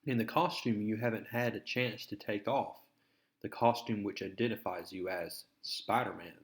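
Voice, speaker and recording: A man's voice: fairly low pitch, moderate pace, close to an everyday voice. A man reading aloud the lines of a wry young male hero talking to himself.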